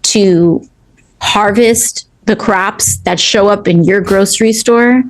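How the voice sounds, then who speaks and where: A woman's voice: mid-range voice, slow pace, rough recording. A woman in a clip played on a show, speaking earnestly in a mid-range voice. She makes her point in an indignant, heartfelt way.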